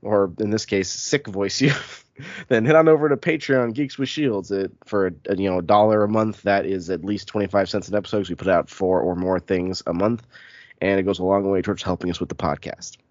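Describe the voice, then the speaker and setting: A man's voice: deep voice, fairly even intonation, no echo, lo-fi sound. A man hosting a casual podcast chat, sounding congested from a cold, talkative and self-deprecating. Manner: chatty, self-deprecating, quick asides. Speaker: podcast host.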